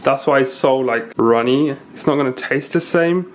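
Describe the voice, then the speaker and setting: A man's voice: mid-range voice, moderate pace. A young man from the UK with a slight lisp, casually explaining recipes as he cooks in a home kitchen. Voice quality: slight lisp from teeth whitening strips. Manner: chatty, explains as he goes. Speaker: cooking vlogger. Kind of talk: casual cooking tutorial.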